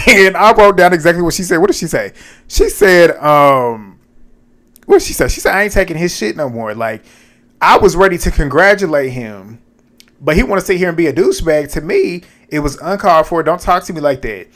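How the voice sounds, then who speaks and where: A man giving a casual, animated recap of a reality TV episode, slangy and profane, laughing often. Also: high voice, a little fast.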